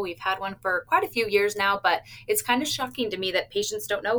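A woman who works with cardiac stress tests answers interview questions in an upbeat, plain-spoken way, adding little laughs and playful quotes from patients. Her medium-pitched voice is brisk, pushed, and bright.

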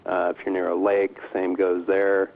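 A man's voice: low voice, completely flat delivery, measured pace. A man speaking as a doctor guest in an interview, hesitant with many ums and restarts. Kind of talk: interview over the phone. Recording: tinny phone line.

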